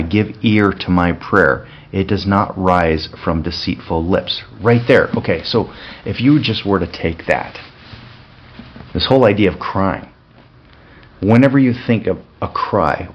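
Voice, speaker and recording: A man giving an unscripted, conversational devotional talk as a pastor, full of asides and fillers and slowing to read scripture. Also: sits low, dull audio. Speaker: podcast host, pastor.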